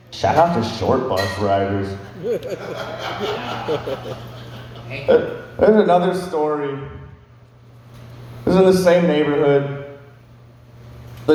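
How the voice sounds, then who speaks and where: A man's voice: mid-range voice, a little mellow. A young man in his twenties doing stand-up storytelling, rambling and swearing with lots of fillers. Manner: rambling, profane, filler-heavy. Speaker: stand-up comedian. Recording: echoey hall with long reverb.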